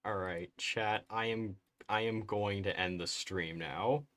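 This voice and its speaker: A man with a soothing, soft-spoken voice giving casual live-stream commentary, thinking aloud, mumbling and correcting himself as he works. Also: on the low side, fairly even intonation, slow pace.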